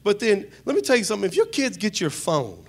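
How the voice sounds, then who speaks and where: A man's voice: sits high, wildly swooping pitch, fast, a little mellow. Joking preacher man. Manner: joking, storytelling, calls out to the congregation. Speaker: pastor. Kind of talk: humorous sermon.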